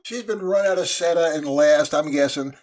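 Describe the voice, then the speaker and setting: A man co-hosting a book podcast, chatting in a relaxed, halting way. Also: a little high. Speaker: podcast co-host. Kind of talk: casual chat.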